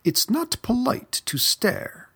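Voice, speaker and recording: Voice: medium pitch, wildly swooping pitch, normal speed, creaky, a bit bright, husky, pitched above the performer's own voice, exaggerated voice. A storyteller voicing a fussy, whining old female snake in a storybook. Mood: scolding.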